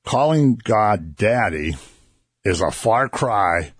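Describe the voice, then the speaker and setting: On a Christian radio show, a male host earnestly explains a Bible passage to listeners and his co-host, building emphasis as he teaches conversationally. His voice is low, husky and animated, his pace slow, captured in studio quality with no echo.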